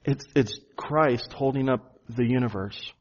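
Male pastor in the pulpit, mid-pitched, earnest, leans on key words; dull lo-fi recording. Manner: earnest preaching, slows and stresses key phrases. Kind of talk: sermon. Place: church.

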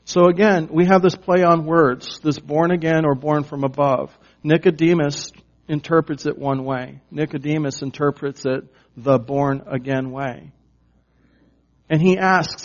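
A man's voice: on the high side, fairly even intonation, measured pace, dull audio. A man preaching a teaching sermon in a conversational, emphatic way with many fillers. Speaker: pastor.

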